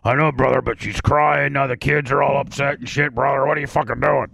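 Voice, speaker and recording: A man's voice: medium pitch, fairly even intonation, fairly quick, vocal fry, a bit bright. A man doing a brash wrestler who keeps saying brother. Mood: scolding. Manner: drawling, calls people "brother". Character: boisterous older male wrestler saying "brother".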